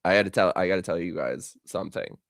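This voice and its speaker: A man's voice: deep voice, fast talker, gravelly, dry recording, studio quality. A young man hosting a casual livestream, telling a story and breaking into giggly laughter. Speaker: show host.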